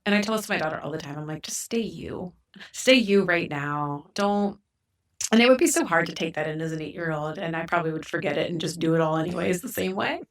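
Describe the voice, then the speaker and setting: Candid woman with a gravelly low voice. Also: racing, few pauses. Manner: candid, reflective, thinks aloud with fillers. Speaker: guest. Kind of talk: conversational podcast interview.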